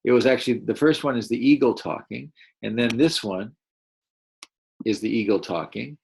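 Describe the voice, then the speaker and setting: A man teaching a first-grade class, reading a picture book aloud and gently encouraging the children to read along. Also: mid-range voice, normal speed, vocal fry, husky. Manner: gentle, encouraging, explains as he goes.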